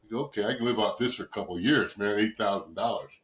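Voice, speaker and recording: Older male guest, rambling storyteller, bright forceful voice, roomy echo. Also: fairly low pitch, quick pace. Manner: rambling anecdotes, swears, acts out quoted voices. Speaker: guest, former football player. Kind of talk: casual storytelling interview.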